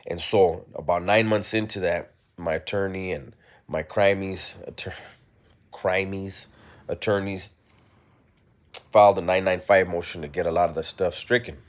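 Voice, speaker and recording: A man's voice: low voice, fairly even intonation, moderate pace. A man candidly telling his own story in a blunt, reflective way, often checking in with "right?" and "you know.".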